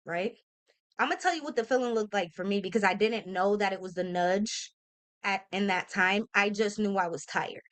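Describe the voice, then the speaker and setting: A woman's voice: mid-range voice, a bit bright. A woman in her thirties giving an earnest, heartfelt motivational talk to camera, often checking in with her listeners and talking in a casual, emphatic way. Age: 30s. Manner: earnest, emphatic, addresses listeners directly with "y'all" and "okay?"; casual speech with slang and fillers. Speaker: motivational vlogger.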